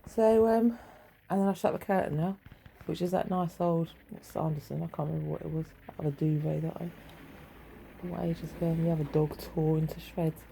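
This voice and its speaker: A woman's voice: low voice, steady tone, brisk, vocal fry, mellow, slight background noise, poor audio. A middle-aged woman chatting in a rambling, wry way at home, swearing freely. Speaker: vlogger. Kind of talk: rambling casual monologue. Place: home bedroom.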